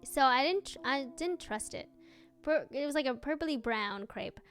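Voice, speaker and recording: A young woman streamer chatting casually with her viewers, telling a story in an animated way with lots of laughing and fillers. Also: high-pitched, normal speed, soft background music. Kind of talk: casual live-stream chat.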